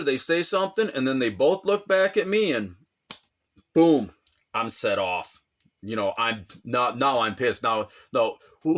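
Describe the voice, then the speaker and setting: Man telling a bar story, animated. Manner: animated, acts out quoted voices with big pitch jumps. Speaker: vlogger telling his own story. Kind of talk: casual storytelling.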